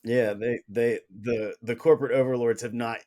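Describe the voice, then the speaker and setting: A man's voice: medium pitch, fairly even intonation, moderate pace, darkish tone. A man co-hosting a podcast in a casual, jokey way, swearing freely. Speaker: podcast co-host. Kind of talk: casual conversation.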